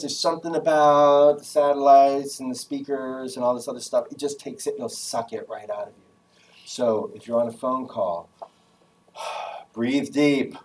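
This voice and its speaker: A man giving a lively, casual talk to a class on job skills, joking and acting out phone voices. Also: mid-range voice, far from the mic, rough recording. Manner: energetic, casual, jokey, acts out phone voices. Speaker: guest speaker giving a career talk.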